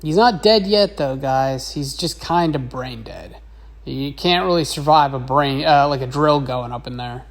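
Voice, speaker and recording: A woman's voice: rumbling low, a little slow. A woman teacher narrating a casual drawing lesson in a chatty, rambling way. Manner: chatty, rambling, with many fillers.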